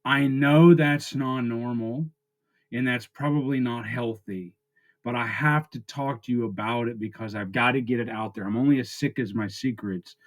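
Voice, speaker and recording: A man, talking in an emotional personal vlog. He is close to tears, and his raw, halting confession keeps breaking off. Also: mid-range voice. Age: 40s. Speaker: vlogger. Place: his friend's house.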